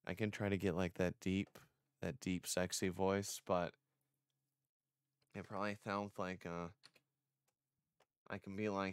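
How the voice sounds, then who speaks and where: A man's voice: low voice, little pitch movement, a little slow, pauses often, clean tone, no echo. A man streaming casually, rambling and self-conscious, a little congested. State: slightly congested. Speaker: vtuber streamer.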